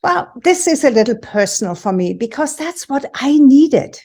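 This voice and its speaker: A woman in her sixties from Europe, hosting a personal talk for viewers in a deliberate, emphatic storytelling manner. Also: high voice, big pitch swings, a little mellow. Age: 60s. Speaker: host and women's empowerment coach.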